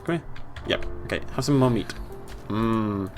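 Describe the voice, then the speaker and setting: A man's voice: mid-range voice, expressive, fast, soft background music. A young British man giving casual, chatty let's play commentary, playfully talking to the game animals.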